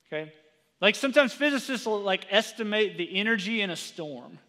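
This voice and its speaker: A man preaching a sermon in a conversational way, often asking "right?" and "okay?", and going quiet when he quotes scripture. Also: sits high, expressive, brisk. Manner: drops to a hushed tone for quoted scripture. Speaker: pastor. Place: church sanctuary. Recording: long reverb of a church sanctuary.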